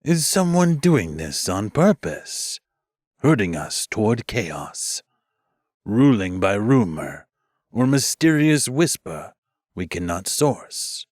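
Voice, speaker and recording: A man voicing a very old male mage who speaks slowly and calmly, weighing each word. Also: fairly low pitch, no echo, studio quality, heavily acted. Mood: measured. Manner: slow, measured, advising.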